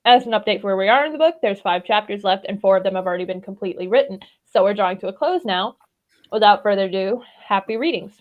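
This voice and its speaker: A woman's voice: medium pitch, fast talker, narrow, tinny audio. Chatty woman reading her own author's note. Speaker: fan fiction author reading with friends. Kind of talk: casual chat on a livestream.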